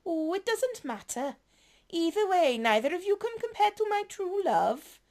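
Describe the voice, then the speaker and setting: A woman's voice: very high-pitched, big pitch swings, moderate pace, darkish tone, pitched above the performer's own voice, exaggerated voice. A woman putting on a flirty Welsh-tinged female agent. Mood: dreamy. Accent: put-on Welsh.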